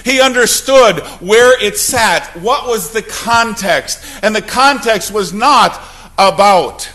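A man preaching a sermon from the pulpit, swinging from loud declarations to hushed, low passages. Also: animated, takes it slowly. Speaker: pastor.

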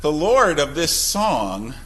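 A male pastor preaching a sermon, swinging between emphatic outbursts and quiet, low asides. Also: sing-song, takes it slowly. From Wisconsin. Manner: emphatic preaching with sudden loud and soft swings.

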